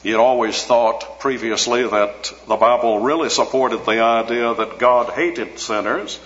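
A man preaching an expository sermon in a measured, teacherly way, slowing down to stress key words. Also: medium pitch, fairly bright tone. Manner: measured, teacherly, slows for emphasis. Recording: dull lo-fi audio in a reverberant hall.

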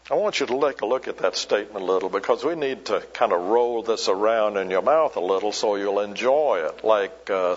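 A man preaching a sermon, slow and emphatic, repeating key words for weight. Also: mid-range voice, big-room sound. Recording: dull lo-fi recording.

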